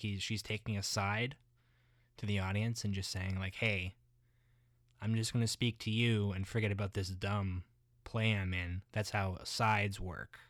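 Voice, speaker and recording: A man playing a muddled everyday guy who rambles haltingly, full of restarts and filler words. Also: lowish voice, fairly bright tone, no echo, clean studio sound.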